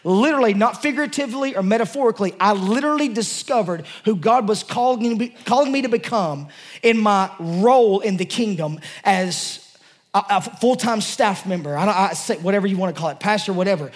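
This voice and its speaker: A male pastor preaching a sermon to his congregation, passionate and emotional, talking in a loose, conversational way with many restarts. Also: high-pitched. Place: church service before a congregation.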